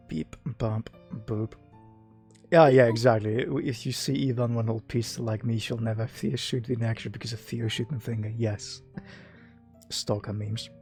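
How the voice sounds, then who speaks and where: A man's voice: medium pitch, fairly even intonation, moderate pace, darkish tone, faint music behind. A man hosting a casual live stream chat with a guest, rambling and teasing with lots of filler words.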